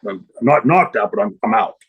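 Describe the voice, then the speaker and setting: A man's voice: on the low side, expressive, brisk, breathy edge, narrow, tinny audio. A middle-aged man telling a long story in an interview, rambling with many fillers and restarts. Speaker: interview guest, former wrestler.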